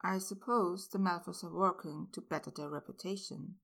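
A mild, tired werewolf man, voiced by a woman reading the story, his lines dropped a little lower and quieter than her narration. He speaks gently and with understatement, never raising his voice. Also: steady tone, normal speed, creaky. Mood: gentle. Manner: soft-spoken, mild, understated. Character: gentle, weary middle-aged male werewolf.

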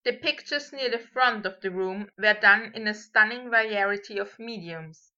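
A woman narrating a story in a measured, steady reading voice, on a dull lo-fi recording. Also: mid-range voice. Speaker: audiobook reader.

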